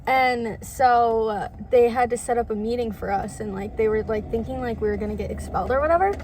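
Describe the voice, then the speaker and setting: A woman's voice: fairly high pitch, fairly quick, darkish tone, a little hiss or hum, rough recording. A woman in her twenties telling a rambling, filler-heavy story in a car, laughing often. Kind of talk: casual storytelling. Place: inside a car. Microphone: phone camera.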